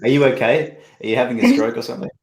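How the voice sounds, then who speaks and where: A man's voice: medium pitch, very animated, very fast. A man on an online panel, joking in a playfully indignant way. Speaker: panel guest. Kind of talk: casual panel chat.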